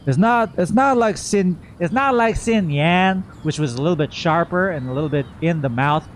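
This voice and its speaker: A man's voice: a little high, expressive, moderate pace, a little hiss or hum. A man chatting casually and enthusiastically while streaming a video game, rambling from one thought to the next. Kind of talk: casual gameplay commentary. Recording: game music faintly behind.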